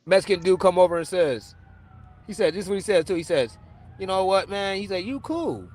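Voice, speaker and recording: A man's voice: sits high, fairly quick. A man, telling stories in a casual podcast chat and acting out the people he quotes. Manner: animated storytelling, acts out quoted people, laughs often. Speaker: podcast co-host.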